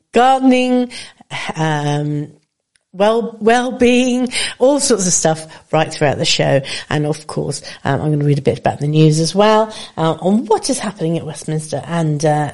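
A woman's voice: deep voice, darkish tone. Chatty woman on community radio. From Britain. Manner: chatty, meandering, opinionated. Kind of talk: casual radio chat.

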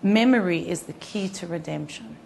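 A woman's voice: lowish voice, normal speed, gravelly, darkish tone, a little hiss or hum. A woman teaching Torah to a group, telling a personal story in a conversational way with frequent restarts.

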